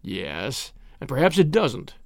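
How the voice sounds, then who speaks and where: A gruff, suspicious middle-aged man barks and snarls each line with lively swings in pitch. A man reads him aloud in a storybook. The sound is dry and close, with no room around it. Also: normal speed, dry recording. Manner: snarling, barking.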